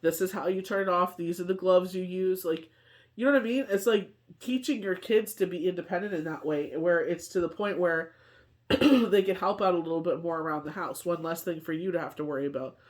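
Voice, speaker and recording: A woman's voice: fairly low pitch, fairly quick. Chatty woman with a cold. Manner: rambling, chatty, constant "you know what I mean". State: has a cold, short on sleep. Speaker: tarot reader. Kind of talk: casual daily tarot reading.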